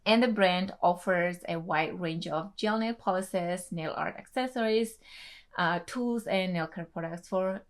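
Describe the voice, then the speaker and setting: A young adult woman, a native Tetum speaker, chatting excitedly through an unboxing vlog with lots of gushing and laughs. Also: fairly low pitch, unhurried. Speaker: beauty vlogger.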